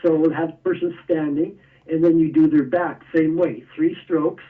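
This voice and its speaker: A man's voice: a little high, fairly even intonation, normal speed, distant mic, narrow, tinny audio. A man being interviewed, explaining step by step with a few chuckles. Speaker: guest, energy tool maker. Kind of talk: casual interview.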